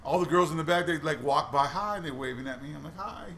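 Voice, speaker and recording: A man's voice: on the high side, fast talker, a bit bright, a little hiss or hum. A man chatting casually while going through boxes of coins, telling stories with lots of restarts. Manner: chatty storytelling with many restarts. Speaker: coin roll hunting vlogger.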